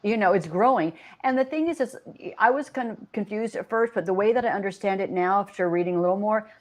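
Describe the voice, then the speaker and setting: A woman's voice: medium pitch, fairly quick. A woman co-hosting a podcast in casual chat, earnest, listing facts and restarting sentences. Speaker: podcast co-host.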